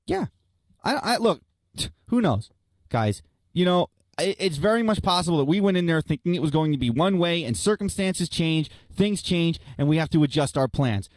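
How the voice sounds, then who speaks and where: A man's voice: a little high, expressive, moderate pace, darkish tone, no room sound. A young man hosting a radio show, reading listener messages and ranting bluntly with plenty of profanity, calling his listeners guys and folks. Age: young adult. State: out of breath. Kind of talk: opinionated talk radio rant.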